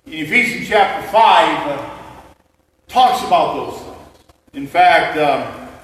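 Joking pastor in an echoey hall. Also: male voice, on the high side, lively intonation, takes it slowly, a bit bright. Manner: conversational, joking preacher. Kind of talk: sermon. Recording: echoey hall mic from far off.

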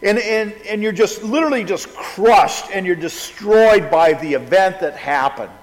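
A middle-aged man preaching a sermon in a relaxed, conversational way, often restarting his sentences. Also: high voice, a little slow, long reverb tail, low-quality recording. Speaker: pastor.

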